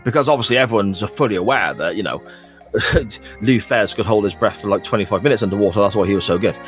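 A man's voice: on the low side, fast talker, faint music behind. A man co-hosting a wrestling podcast, recapping a clip in a sarcastic, sweary, casual way. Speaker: podcast co-host. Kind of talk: casual chat.

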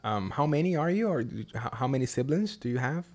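A man interviewing in a casual podcast chat. His pitch is animated and roams widely, and he fires off curious follow-up questions with eager interest. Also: quick pace.

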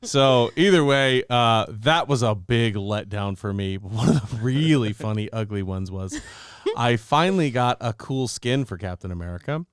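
Podcast guy ranting and joking, cussing a lot, smooth voice, dry close mic. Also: medium pitch, normal speed, no echo. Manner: animated, swearing storyteller. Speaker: podcast co-host. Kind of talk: casual review chat.

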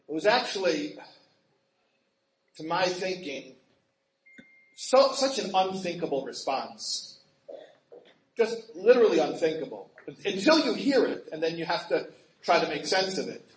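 A man telling a story in an animated, laughing way, acting out quoted voices with big jumps in pitch. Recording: roomy echo with faint ambient noise.

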